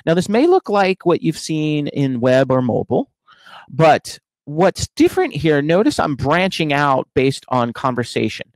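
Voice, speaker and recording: A man's voice: a little high, big pitch swings, measured pace, no room sound, low-quality recording. A man giving a casual, explanatory tech talk from his home office, with frequent fillers and restarts. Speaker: conference speaker.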